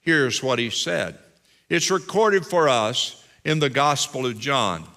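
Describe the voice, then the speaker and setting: Slow, bright-voiced male pastor preaching. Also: mid-range voice, expressive. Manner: emphatic preaching with repeated phrases. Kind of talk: sermon.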